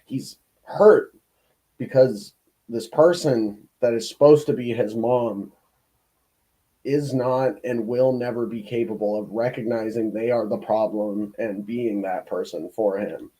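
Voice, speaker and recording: A man co-hosting a reaction stream, talking in a measured, thoughtful way with fillers. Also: fairly low pitch, dark tone, poor audio. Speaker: stream co-host. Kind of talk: casual reaction commentary.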